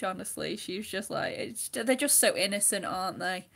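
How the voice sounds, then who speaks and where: Chatty craft host, a woman with a husky, breathy voice, laughs easily, goes hushed while colouring. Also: mid-range voice, normal speed, hardly any pauses. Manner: chatty, laughs often, drops to a near whisper while concentrating. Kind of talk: casual chat while colouring.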